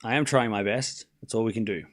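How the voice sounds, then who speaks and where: An Australian man hosting a live tennis watchalong stream, joking with his chat, practising player names out loud and calling the points. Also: on the low side, fairly quick. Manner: playful and joking, reads chat aloud, repeats player names to practise them.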